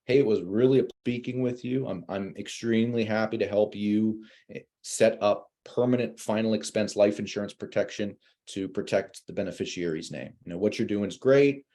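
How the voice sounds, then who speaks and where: A man, an insurance agent, telling sales stories in a casual, animated way and acting out callers in a higher voice. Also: normal speed. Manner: many fillers and restarts. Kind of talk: casual webinar talk.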